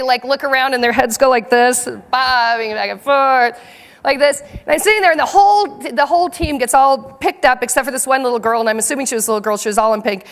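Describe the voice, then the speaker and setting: A woman giving a conference keynote speech to leaders on a stage, telling stories in a lively, expressive way. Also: high voice. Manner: animated storytelling, lively and expressive. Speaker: keynote speaker. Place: large conference hall. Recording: hall reverb from a stage.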